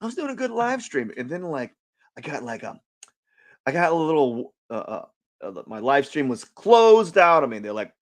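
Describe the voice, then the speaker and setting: A man hosting his art livestream, chatting in a goofy, rambling way with bursts of playful shouting. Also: a little high, big pitch swings, normal speed. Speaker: livestream artist host. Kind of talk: casual drawing livestream chat.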